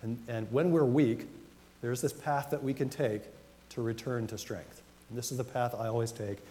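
Man, pastor, sermon, warm mellow tone, slow emphatic scripture reading, long echo of a church hall. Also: mid-range voice, steady tone. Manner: conversational, reads scripture slowly with emphasis. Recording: long reverb of a hall, faint noise.

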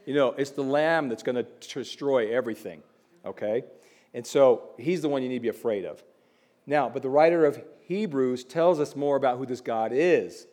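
A man preaching a sermon in a conversational way, slipping in quick asides and building to emphatic warnings. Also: medium pitch, darkish tone. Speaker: pastor.

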